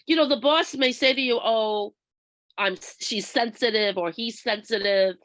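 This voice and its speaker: A woman leading a workshop, explaining step by step in a measured way and acting out workplace examples. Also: fairly high pitch, a bit bright, dry recording. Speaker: workshop trainer. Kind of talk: instructional presentation.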